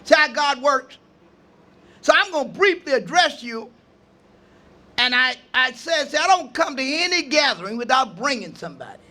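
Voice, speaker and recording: An older man, an imam, giving an impassioned outdoor speech at a park gathering, preaching with refrains and rising to shouts. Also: very high-pitched, animated, moderate pace. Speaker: imam speaking at a ceremony.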